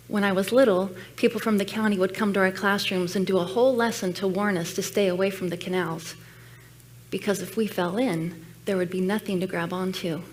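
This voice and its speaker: A woman guest speaker delivers a personal sermon message in a church sanctuary, telling her own story earnestly and reflectively. Her voice is mid-range, with a little hiss or hum on the recording.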